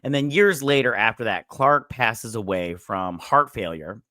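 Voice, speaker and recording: A man's voice: fairly low pitch, lively intonation, unhurried, bright, forceful tone, dry recording. A man hosting a TV episode review in a loose, rambling way, full of fillers and swearing, who acts out quotes from the episode. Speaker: show host reviewing a TV episode. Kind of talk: casual review chat.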